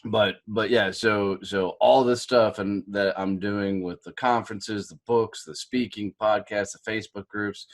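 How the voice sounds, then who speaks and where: A man in his early forties talks as a podcast guest, folksy and energetic. His light Southern American twang sits in a lowish voice, and he calls the host dude and brother. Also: unhurried, hardly any pauses. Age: 40s. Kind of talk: casual podcast interview.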